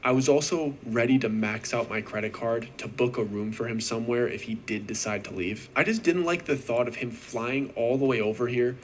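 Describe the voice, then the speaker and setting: A young man narrating a personal story in the first person, earnest and steady, with casual slang. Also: medium pitch, a little fast, hardly any pauses, a little hiss or hum.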